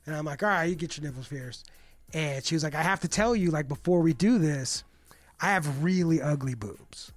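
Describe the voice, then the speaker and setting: High-voiced rambling man, dry sound. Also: normal speed, no room sound. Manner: rambling storyteller, heavy swearing, lots of "like". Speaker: co-host. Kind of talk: casual podcast chat.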